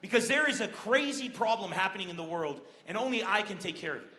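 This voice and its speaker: Stand-up comic, male, from Lebanon: high, bright, animated delivery on an outdoor stage. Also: quick pace. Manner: animated, acts out quoted voices. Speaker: stand-up comedian. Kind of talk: stand-up comedy set. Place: large outdoor festival stage. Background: crowd laughter.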